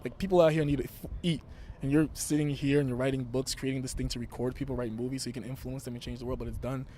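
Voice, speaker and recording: A man's voice: medium pitch, fairly even intonation, fast, warm tone, a little hiss or hum. A young man from Brooklyn, talking brashly and emphatically as a wrestler guest in an interview. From Brooklyn, New York. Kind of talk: interview talk.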